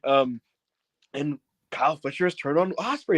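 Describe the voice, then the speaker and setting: A man's voice: on the high side, lively intonation, normal speed, long pauses, no echo. Profane, laughing man reviewing wrestling, dry sound. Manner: profane, laughing, acts out quotes. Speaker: podcast co-host and wrestling reviewer. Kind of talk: casual podcast review.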